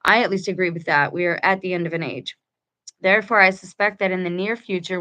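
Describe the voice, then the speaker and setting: A woman reads passages from a book to her viewers, her voice sitting at a middling pitch. Between passages she drifts into casual, chatty remarks, restarting her sentences as she goes. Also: fairly bright tone. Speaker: channel host reading a book aloud with commentary. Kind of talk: reading aloud with casual commentary.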